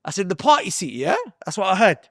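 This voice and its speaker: A man's voice: sits high, very animated, quick pace, dry recording, studio quality. A young man, telling stories in a casual, slangy podcast chat and often repeating himself. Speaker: podcast host.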